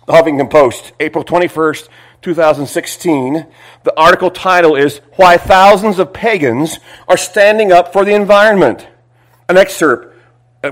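A man preaching a sermon, reading scripture aloud with emphatic, drawn-out phrases and dropping into quiet asides. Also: fairly high pitch, poor audio. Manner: swings between loud emphatic reading and hushed asides; repeats phrases, drags out words for emphasis.

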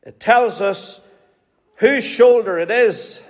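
A man's voice: high voice, slow pace. A man with a Northern Irish accent preaching a sermon in an earnest, pleading way, repeating phrases for emphasis. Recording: hall reverb.

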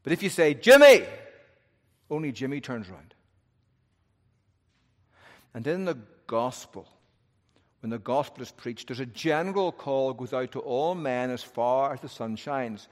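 A man preaching a sermon as pastor, speaking emphatically and swinging from strong rises down to hushed low phrases. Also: animated, measured pace, pauses often, in a large hall. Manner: emphatic preaching, rising and dropping to hushed lows.

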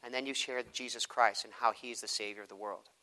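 A man teaching a group how to evangelize, acting out street conversations in his lively teaching talk. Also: medium pitch, fairly quick. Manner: animated, acts out both sides of conversations.

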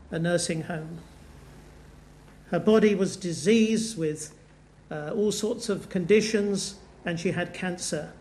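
A man with a high voice preaches a sermon as an earnest storyteller. He slows his delivery to weigh key moments. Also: darkish tone.

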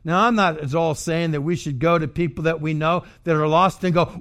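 A man preaching a sermon as pastor, moving from quiet, low passages to shouted, emphatic outbursts. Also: steady tone, a little fast, hardly any pauses.

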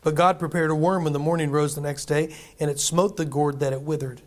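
A male preacher reads scripture aloud and delivers an emphatic sermon, repeating himself and posing questions to the congregation. His voice sits on the high side, with a steady tone and a fairly quick pace.

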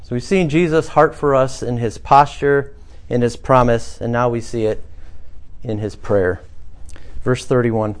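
A man's voice: medium pitch, fairly even intonation, unhurried. A man, the pastor, preaching a conversational sermon to his church congregation, building to emphatic passages. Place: small church, former bank building.

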